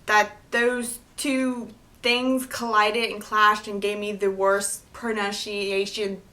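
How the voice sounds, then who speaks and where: A young woman from New Jersey, a book vlogger chatting casually to camera, talking fast and tripping over her words. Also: medium pitch, little pitch movement, bright, forceful tone. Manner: fast, tumbling speech, trips over words.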